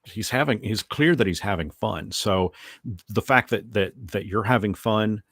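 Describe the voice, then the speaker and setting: A man's voice: on the low side, normal speed, a bit bright, no echo, clean studio sound. A middle-aged man hosting a casual chat, hesitant and often repeating words as he searches for them. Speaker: host.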